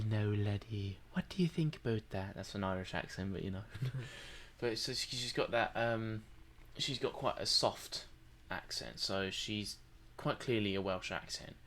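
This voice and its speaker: Rambling, joking man, low voice. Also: pushed and bright, a little hiss or hum. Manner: rambling, joking, laughs often. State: tired. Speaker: podcast co-host. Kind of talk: casual late-night chat.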